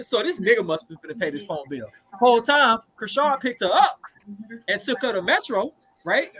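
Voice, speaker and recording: Animated, foul-mouthed man telling a story. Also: very high-pitched, poor audio. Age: 30s. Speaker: podcast co-host. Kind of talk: casual storytelling chat.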